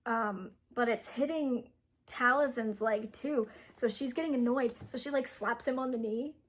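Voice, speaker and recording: A young woman chats her way through a novel's story as a book reviewer, wandering from point to point with constant fillers and easy giggles. Her voice sits a little high and has a soft, breathy grain. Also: normal speed. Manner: rambling, full of "like" and "um" fillers, giggly. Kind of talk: casual plot retelling.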